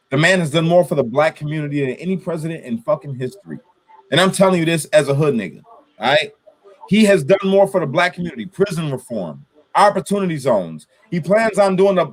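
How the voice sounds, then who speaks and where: A man hosting a casual political chat, angry, swearing and ranting. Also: sits high. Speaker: show host.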